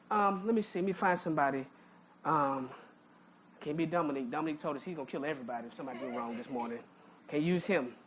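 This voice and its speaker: A woman's voice: fairly low pitch, a bit bright, slight background noise. A woman pastor preaching a sermon in a church, folksy and emphatic, often repeating words as she restarts. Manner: folksy, informal speech with jokes. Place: church sanctuary.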